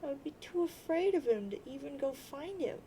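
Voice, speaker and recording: A woman's voice: high-pitched, expressive, dark tone, a little hiss or hum, low-quality recording. A woman voicing a grieving, lost teenage girl who sobs and wails. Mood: distraught. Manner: sobbing, wailing drawn-out boo-hoos.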